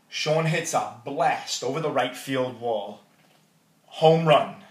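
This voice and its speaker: A man giving a wedding toast, telling jokey stories about the groom. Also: medium pitch. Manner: storytelling, jokey and warm toward the groom. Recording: roomy hall audio from a distance.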